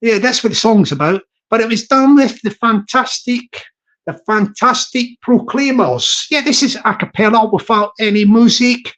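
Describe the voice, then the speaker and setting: Speaking at normal speed in a high, fairly bright voice, a London livestream host banters jokily with his audience and calls out names from the chat.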